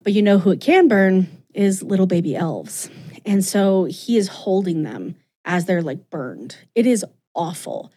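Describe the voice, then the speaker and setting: A woman's voice: medium pitch, lively intonation, measured pace, mellow, breathy edge. A woman co-hosting a podcast, chatting casually and rambling animatedly with lots of asides. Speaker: podcast co-host. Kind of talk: casual chat recapping comics.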